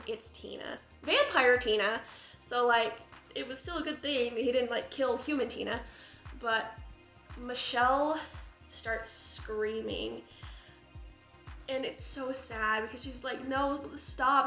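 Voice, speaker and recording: A woman's voice: on the high side, pushed and bright. A woman reviewing a horror film in a gushing, chatty vlog style, full of fillers. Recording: echoey room with faint music.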